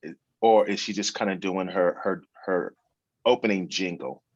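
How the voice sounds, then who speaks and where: A man's voice: low-pitched, moderate pace, no echo, lo-fi sound. A man coaching on a podcast intro in a chatty way, talking through examples. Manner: chatty, uses spoken examples. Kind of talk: casual coaching chat.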